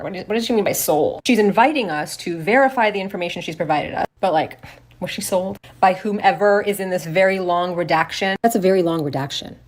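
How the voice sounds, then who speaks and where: A woman's voice: on the low side, a little mellow. A woman co-hosting a talk show, reading a redacted report aloud and breaking off with sarcastic, indignant commentary and swearing. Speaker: podcast co-host.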